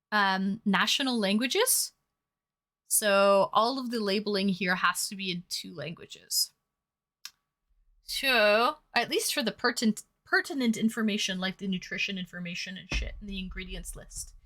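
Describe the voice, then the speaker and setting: Bright-voiced chatty woman streamer. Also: medium pitch, normal speed. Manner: chatty and playful, teasing her chat. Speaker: streamer hosting online dates. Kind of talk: casual live-stream chat.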